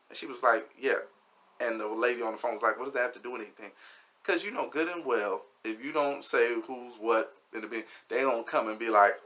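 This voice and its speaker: A man's voice: mid-range voice, fast talker. A man, a comedian, telling a real-life story in a casual, slangy way and acting out the quotes. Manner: animated, acts out quotes, slangy.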